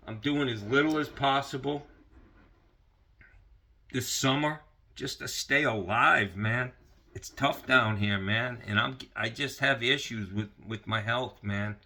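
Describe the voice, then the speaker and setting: A man's voice: mid-range voice, sharp tone. A man ranting casually into the camera, profane and rambling, with lots of fillers. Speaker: vlogger.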